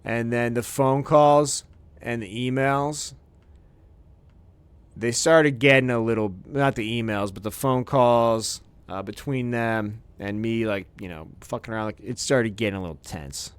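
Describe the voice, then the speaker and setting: A man's voice: medium pitch, unhurried, clear, resonant tone, dry recording. Profane, worked-up man ranting on a podcast. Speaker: podcast host. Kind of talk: comedic ranting monologue. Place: studio.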